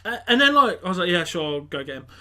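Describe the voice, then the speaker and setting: A young man, telling an animated story on a casual podcast and acting out the voices. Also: sits high, quick pace. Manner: animated, acts out quotes, swears, laughs. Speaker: podcast co-host.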